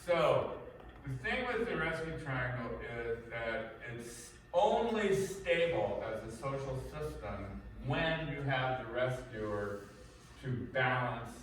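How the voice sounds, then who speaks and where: A man's voice: mid-range voice, sing-song, slow pace, a bit bright. A male instructor giving an informal lecture to a class, rambling and conversational, with lots of fillers and restarts. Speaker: martial arts and life-skills instructor. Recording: echoey room from far off, faint noise.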